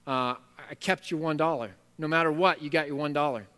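A man's voice: a little high, steady tone, a little fast, bright, forceful tone, smooth. A man voicing a lazy male servant who makes defensive, rambling excuses. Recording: long hall reverb.

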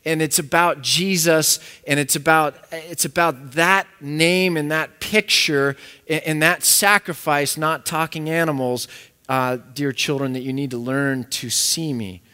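A man's voice: on the high side, steady tone, measured pace, bright, forceful tone, clean tone. Male preacher, earnest, repeats himself a lot, big echoey room. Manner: earnest, repeats words as he restarts. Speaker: pastor. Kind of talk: sermon. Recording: echoey hall.

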